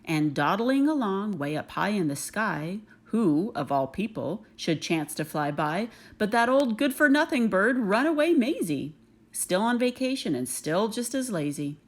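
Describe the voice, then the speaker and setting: A woman reading a rhyming children's picture book aloud, expressive and rhythmic. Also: medium pitch, unhurried. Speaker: reader.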